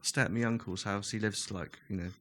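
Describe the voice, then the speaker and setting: A man's voice: on the low side, fairly even intonation, a little fast, a bit bright. A man in his thirties, telling anecdotes on a casual podcast, acting out the people he quotes and laughing often. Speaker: guest.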